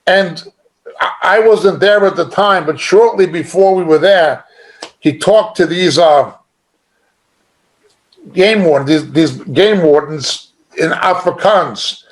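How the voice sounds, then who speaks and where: A man's voice: sits high, slow pace, pauses often. A middle-aged man teaching an informal sermon in a conversational, emphatic way, chuckling now and then. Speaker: Bible teacher.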